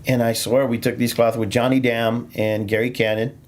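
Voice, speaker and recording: A man's voice: mid-range voice, flat delivery, normal speed, slight background noise. A man who does stand-up comedy, telling stories on a casual podcast with plenty of fillers, restarts and laughter. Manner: rambling, laughs often, lots of fillers and restarts.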